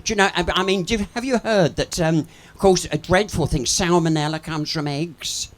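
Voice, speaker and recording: A pub comedian and singer does live stand-up patter on a pub stage, chatty and bawdy, swearing freely and laughing at his own jokes. His voice is a little high and his pace moderate.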